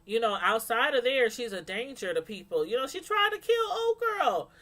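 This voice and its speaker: A woman's voice: fairly high pitch, big pitch swings, normal speed, sharp tone. A woman chatting casually with live viewers as she reviews a TV episode, laughing often and answering the chat. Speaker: show reviewer on a live stream.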